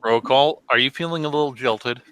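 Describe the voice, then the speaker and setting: A man's voice: medium pitch, brisk, over a noisy crowd. A man hosting a casual live chat, teasing his guest with jokes. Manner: teasing, joking.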